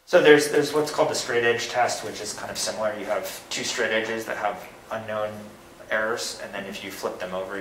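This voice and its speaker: A man's voice: fairly low pitch, noisy background. A man giving thoughtful, technical answers in an academic Q&A, with many small hesitations. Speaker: guest speaker answering questions.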